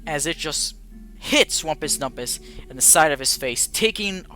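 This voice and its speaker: A man's voice: fairly high pitch, lively intonation, normal speed, sharp tone, faint music behind. A man narrating as game master of a tabletop game, casual and rambling, with frequent swearing.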